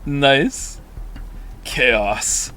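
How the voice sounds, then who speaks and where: A man's voice: medium pitch, animated, extremely slow, sharp tone, soft background music. A man streaming live, chatting casually and reacting to viewer comments in a rambling way with frequent restarts.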